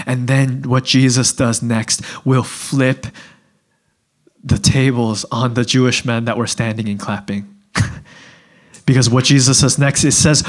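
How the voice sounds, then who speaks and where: A man delivers a sermon to a room, talking in a loose, everyday way with plenty of "like" and restarts. His voice sits at an ordinary middle pitch and often sinks to a quiet, earnest hush. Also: fairly even intonation, measured pace. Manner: conversational preaching full of "like", restarts and sudden drops to a hushed voice. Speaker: preacher.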